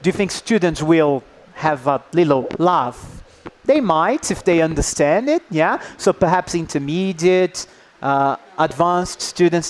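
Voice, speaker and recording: A man presenting a live workshop to teachers, lively and engaging, often checking in with the group. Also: fairly high pitch. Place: indoor workshop room.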